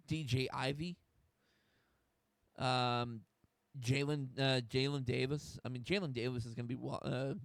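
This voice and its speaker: A man's voice: medium pitch, vocal fry, dry recording. A young man from the United States hosting a solo sports talk stream, getting fired up, swearing and restarting his sentences. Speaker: host.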